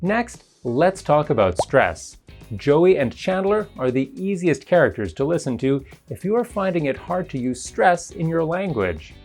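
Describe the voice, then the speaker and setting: A teacher talks through a pronunciation lesson in a scripted, explanatory narration. The pitch moves a lot from phrase to phrase while the delivery stays measured and even. Faint music plays underneath. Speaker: English teacher.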